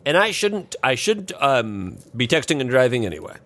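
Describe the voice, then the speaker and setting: Jokey man with lively pitch. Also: moderate pace. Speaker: improv player as the father. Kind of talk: improvised comedy sketch.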